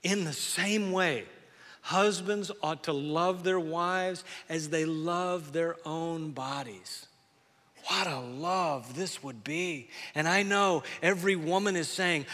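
A man in his forties preaching a sermon, earnest, with loud emphatic peaks. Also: on the high side, takes it slowly. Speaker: pastor. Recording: long reverb of a large hall.

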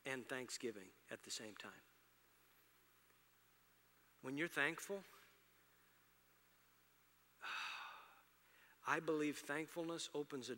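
Bright-voiced preacher man in a reverberant hall. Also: medium pitch. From Houston, Texas area. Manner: conversational, swings from loud emphatic to soft. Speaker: pastor. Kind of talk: sermon. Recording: long reverb of a large hall.

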